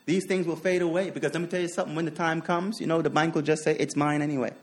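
A man's voice: on the high side, flat delivery, rapid-fire. A man preaching a sermon, repeating his points with emphasis, asking rhetorical questions and sharing personal stories with chuckling asides.

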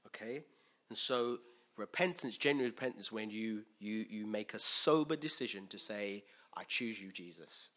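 A man preaching a conversational sermon in a chatty, lively way, full of fillers and repeated words. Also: fairly low pitch, moderate pace.

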